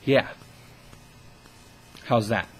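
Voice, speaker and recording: A man's voice: very slow, poor audio. A young man talking into the camera in a casual vlog, ranting with scorn and constant swearing. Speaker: vlogger.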